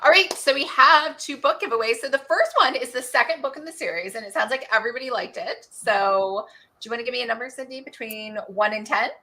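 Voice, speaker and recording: Bright chatty woman hosting a book club. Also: on the high side. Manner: chatty, quick, laughs often. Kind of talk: casual video chat.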